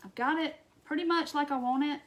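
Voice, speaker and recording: The Wisconsin host of a laid-back craft live stream talks briskly in a high, steady voice. Between responding to viewer comments and chatting, she murmurs quiet asides to herself while working.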